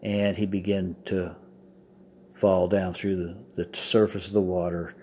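A man's voice: deep voice, flat delivery, a little slow, warm tone, a little hiss or hum. A man, a pastor, giving a short devotional sermon: a corny joke first, then a scripture reading and preaching with emphatic swells.

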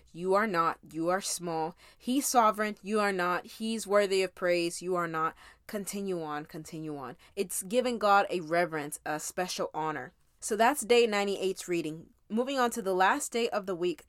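A woman's voice: mid-range voice, a bit bright, dry recording, clean studio sound. A woman casually recapping a week's Bible reading as a teacher, talking in a conversational, emphatic way and speaking straight to her listeners.

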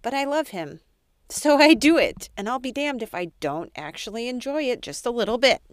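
A woman's voice: fairly high pitch, sing-song, normal speed, no echo, studio quality. A woman hosting a podcast, telling her own story in a candid, self-deprecating way and talking straight to her listeners. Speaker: podcast host.

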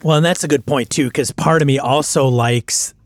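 A man's voice: mid-range voice, fairly even intonation, normal speed, no room sound. A man chatting casually about the tabletop games he wants to run, thoughtful and rambling, with frequent restarts. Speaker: podcast co-host, game master.

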